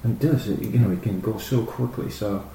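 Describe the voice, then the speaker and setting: A middle-aged man, a former footballer, telling animated, rambling stories full of fillers and restarts. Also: on the low side, brisk. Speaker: former professional footballer, guest. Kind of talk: casual anecdotal storytelling. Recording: roomy echo with faint noise.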